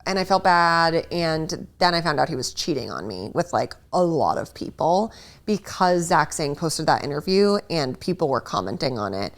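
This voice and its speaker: A woman, co-hosting a chatty podcast. Her voice sits a little low, then jumps up whenever she acts out what others said. She tells gossip in a lively, casual way. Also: normal speed. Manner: animated storyteller, acts out quotes with rising pitch. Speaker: podcast co-host.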